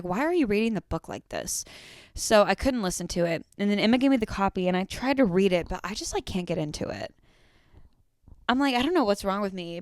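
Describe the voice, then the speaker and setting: A woman's voice: mid-range voice, clean tone, no room sound. A young woman hosting a solo podcast, chatting casually with lots of fillers and swearing freely. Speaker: podcast host.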